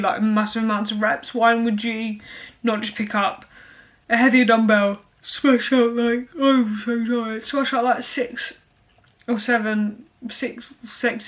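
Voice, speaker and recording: A woman's voice: on the high side, a bit bright. A young woman talking casually to camera as a fitness vlogger, blunt and motivational, with lots of fillers.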